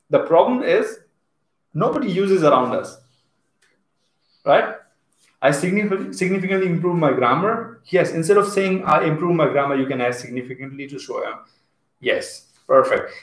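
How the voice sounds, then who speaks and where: A man with an Indian English accent teaching a live online English class, chatting and reading out viewers' comments as he goes. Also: on the high side. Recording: echoey room.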